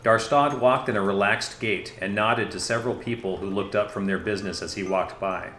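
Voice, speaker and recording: Brief: male audiobook narrator, lowish voice, steady measured delivery, echoey room sound. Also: slight background noise. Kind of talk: scripted narration.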